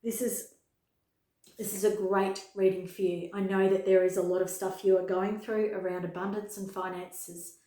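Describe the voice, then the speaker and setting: A woman's voice: medium pitch, little pitch movement, moderate pace, warm tone. A woman giving a pick-a-card tarot reading to camera, earnest and emphatic, repeating key words for weight. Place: home room with her dog nearby. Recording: echoey room.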